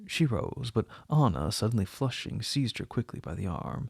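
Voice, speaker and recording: A man reading a classic novel aloud as an audiobook, in a measured, even narration. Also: lowish voice, creaky, breathy edge, no echo, clean studio sound. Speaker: audiobook reader.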